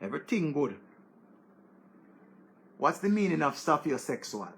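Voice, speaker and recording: A Jamaican man talking loosely as a show host. His voice sits fairly high and carries a gravelly rasp. He gets excitable, repeating words and crying out. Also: measured pace, a little hiss or hum. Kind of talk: casual commentary in Patois-laced English.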